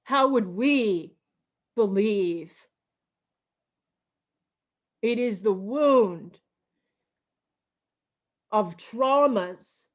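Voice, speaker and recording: A woman pastor preaching a slow, emotional, repetitive sermon over a video call. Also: mid-range voice, lively intonation, muffled recording. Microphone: video call mic.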